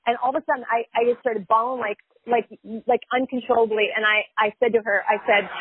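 A woman speaks fast with hardly any pauses, her slightly high voice delivered flatly over phone-line audio with a little hiss or hum. She's a chiropractor and life coach telling her story frankly in an interview, emphatic, repetitive and full of fillers.

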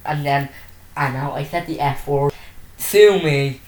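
Woman, podcast host, deep-ish voice, rambly casual chat, roomy room sound. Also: a little slow, a little mellow. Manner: rambling, self-interrupting storytelling with many fillers. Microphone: desk microphone.

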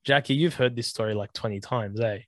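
A man ribs his friends in relaxed, matey banter as he co-hosts a podcast. His voice is mid-pitched and recorded very dry, with no room sound. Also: fairly quick, no room sound. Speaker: podcast co-host. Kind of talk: casual chat.

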